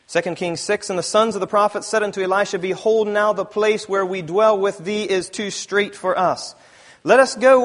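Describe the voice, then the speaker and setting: A man preaching a sermon who reads scripture aloud, rises to loud emphasis, often clears his throat and corrects himself. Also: high voice.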